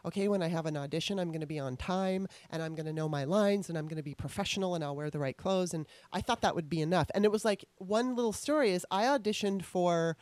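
A woman's voice: on the low side, quick pace, hardly any pauses, darkish tone, dry recording. A middle-aged woman interviewer telling candid stories in a rambling, restarting way. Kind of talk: casual interview storytelling.

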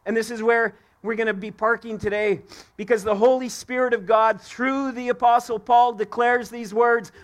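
High-pitched man preaching an emphatic sermon. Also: fairly bright tone. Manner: emphatic, repeats key words for stress. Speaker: pastor. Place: church sanctuary.

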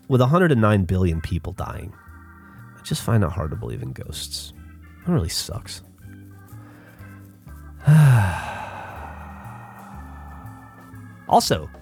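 A middle-aged man from the Southern United States hosting a podcast, telling a personal story in a halting, casual way with lots of fillers, restarts and swearing. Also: on the low side, creaky, a little mellow. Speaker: podcast host.

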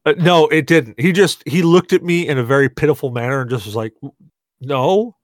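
A man hosting a podcast, tipsy from rum, telling a story in an animated, laughing way and swearing a lot. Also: on the high side, quick pace, no echo, studio quality. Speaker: podcast host. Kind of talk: casual storytelling chat.

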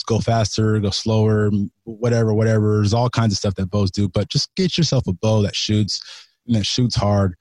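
A man's voice: lowish voice, a little mellow, dry recording. A man from California, a podcast guest, talking in a loose, slangy way, swearing freely and restarting his sentences. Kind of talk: casual chat.

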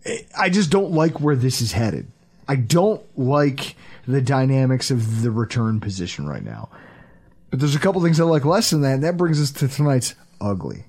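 A man hosting a sports podcast, chatting casually, animated and profane, acting out quotes as he goes. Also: medium pitch, normal speed, breathy edge. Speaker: podcast host.

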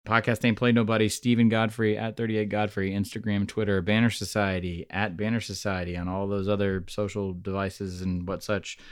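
A man's voice: on the low side, flat delivery, moderate pace, hardly any pauses, smooth, no echo. A man hosting a casual sports podcast, chatty and rambling with plenty of fillers. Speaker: podcast host.

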